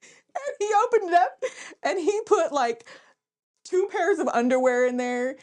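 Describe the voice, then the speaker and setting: A woman's voice: very high voice, expressive, a little slow, darkish tone. A woman co-hosting a casual podcast, telling stories with lots of swearing and laughter. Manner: profane, laughing storyteller. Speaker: podcast co-host.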